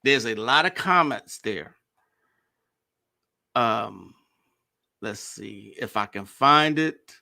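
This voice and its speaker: A man commenting casually to viewers, speaking slowly and simply on purpose, repeating points and checking that viewers follow. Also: medium pitch, vocal fry, pushed and bright. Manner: deliberately slow and simple.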